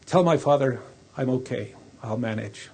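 A man voicing a desperate, ashamed young runaway son who pleads in a pained, husky voice. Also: mid-range voice, moderate pace, darkish tone. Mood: pleading.

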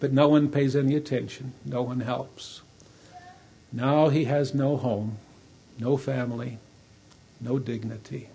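A preacher telling a sermon story in a slow, vivid, dramatic way, with a husky voice. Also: male voice, medium pitch, steady tone, warm tone.

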